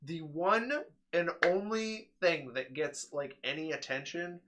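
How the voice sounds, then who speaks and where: A man's voice: a little high, expressive, measured pace, a bit bright, slight background noise. A man hosting a casual podcast, talking animatedly with laughs and swearing. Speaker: podcast host. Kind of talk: casual chat.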